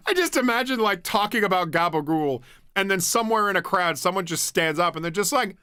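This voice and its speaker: On a home stream, a young man with a bright, forceful, high voice chats casually, drifting from thought to thought, laughing often and swearing freely. He's expressive and talks at a normal speed, and the tone is clean, with close, dry sound and no room.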